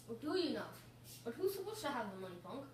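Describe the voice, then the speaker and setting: A woman's voice: a little high, very animated, a little mellow, a little hiss or hum, pitched above the performer's own voice. A woman voicing a tough, impatient young drug dealer who talks in a menacing, scornful way. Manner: menacing, scornful, quick-talking. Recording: echoey room from a distance.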